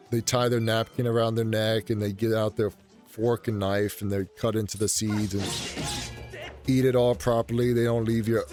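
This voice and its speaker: A man's voice: fairly low pitch, darkish tone. Man rambling through game commentary. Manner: rambling, joking and profane. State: sore voice. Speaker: gaming channel host. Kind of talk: casual let's play commentary.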